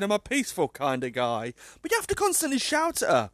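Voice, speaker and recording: Chatty, exasperated British vlogger. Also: male voice, high voice, huge pitch swings, a little fast, a bit bright, dry recording. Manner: chatty, exasperated, swears and laughs often. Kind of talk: casual chat to camera.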